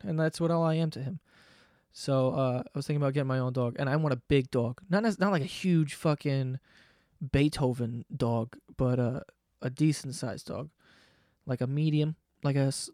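A man's voice: on the high side, dry recording. Profane ranting young man, dry close mic. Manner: animated, profane, exasperated ranting. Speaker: podcast host. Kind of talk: casual monologue rant.

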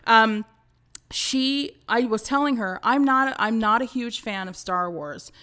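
A woman in her forties telling stories as a podcast guest, excitable and laughing often. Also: fairly high pitch, measured pace, smooth. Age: 40s. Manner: excitable storyteller, bursts of laughter. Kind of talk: casual podcast chat.

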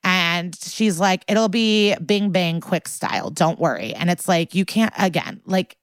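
A woman's voice: on the low side, measured pace, smooth, no room sound. A woman co-hosting a podcast, recapping a TV episode in casual chat and acting out the characters' lines as she goes. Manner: animated, acts out the characters' lines. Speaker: podcast co-host.

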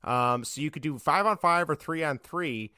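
A man co-hosting a sports podcast in casual chat, talkative and quick to laugh. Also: a little high, bright, forceful tone, smooth, no echo, clean studio sound. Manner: chatty, laughs easily, restarts often. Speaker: podcast co-host.

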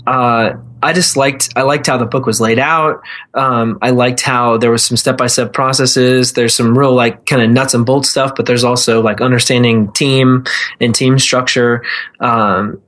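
A man in his thirties, a guest on a podcast, answering questions earnestly. He talks casually, often restarting his sentences and filling the pauses. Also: mid-range voice, fairly even intonation, fairly bright tone. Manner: earnest, with frequent restarts and fillers. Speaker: podcast guest, real estate investor.

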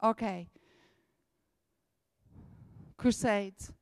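A woman's voice: medium pitch, very slow, creaky, no room sound. A woman, giving an emphatic church talk about mission work and repeating her key lines. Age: 60s. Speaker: missionary speaker.

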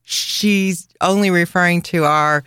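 A woman's voice: fairly low pitch, fairly even intonation, slow pace, a bit bright, smooth, no room sound. Woman podcast host, chatty and easygoing, reading listener reviews aloud over a dry close mic. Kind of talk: casual podcast chat.

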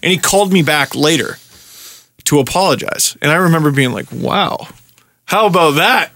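A young man hosting a podcast, telling a story in casual chat, animated and profane, acting out his own rants. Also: on the high side, moderate pace. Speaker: podcast host.

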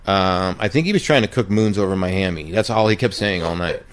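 Guy with a lowish voice rambling through a funny story, laughing as he goes. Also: a little fast, clear, resonant tone. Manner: rambling, laughing anecdote teller. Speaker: podcast co-host, former ballplayer. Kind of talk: casual storytelling chat.

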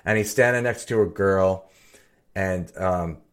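A middle-aged man, a bassist and podcast co-host, chatting casually and telling rambling stories with many restarts. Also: unhurried, clean tone. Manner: rambling, self-interrupting storyteller. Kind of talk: casual chat.

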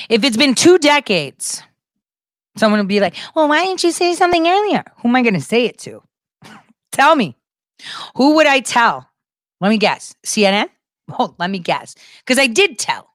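A woman's voice: on the high side, sing-song, a little slow, long pauses, no room sound, clean studio sound. A woman giving an emphatic, repetitive political monologue with crude asides.

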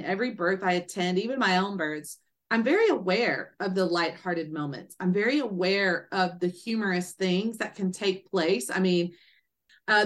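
A woman guest, an author and doula, telling a personal story with animated energy and acting out quoted speech. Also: medium pitch. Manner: lively, acts out quoted speech in a raised voice.

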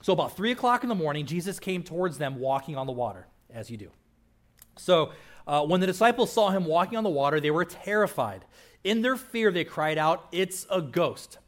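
A man's voice: fairly high pitch, big pitch swings, a little fast. A man pastor giving a conversational sermon, with casual asides and frequent "right?" checks to the listeners.

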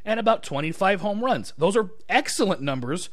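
A man appearing as a podcast guest, giving steady, analytical takes. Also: sits high, moderate pace. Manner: analytical, steady, stats-heavy. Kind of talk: casual podcast chat.

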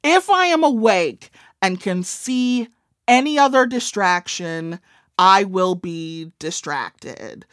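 She is an author and comedian in her forties from the American Midwest, judging by her accent, and her casual interview chat is wry and self-deprecating. Her medium-pitched voice is animated but slow, captured in a dry, studio-quality recording.

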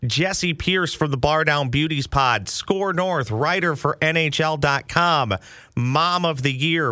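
A man hosts a sports podcast, chatty and joking. His voice is bright and forward. The sound is dry and close to a studio mic. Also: medium pitch, no room sound. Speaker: podcast host. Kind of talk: casual sports podcast chat.

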